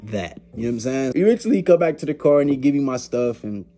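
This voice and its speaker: A man's voice: medium pitch, fast talker. A young man vlogging, telling a story in a loose, slangy way, laughing often and acting out the other people's lines. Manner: animated, slangy, laughs often, acts out quoted voices. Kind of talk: casual storytelling.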